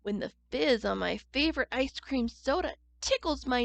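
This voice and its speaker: A woman reading a children's picture book aloud at church, gentle and expressive, pausing to ask the listening children questions. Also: sits high, creaky. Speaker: church storyteller.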